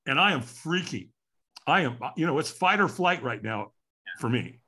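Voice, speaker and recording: A man's voice: normal speed, breathy edge. A man in his sixties telling a personal story as a podcast guest, acting out what people said with big swings in his voice. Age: 60s. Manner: animated, acts out quotes with big pitch swings.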